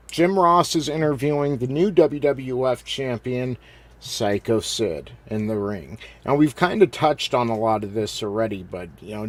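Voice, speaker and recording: A man hosting a podcast, recapping old wrestling broadcasts in a casual, rambling way. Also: medium pitch. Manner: rambling, recaps and quotes with filler words. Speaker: podcast host.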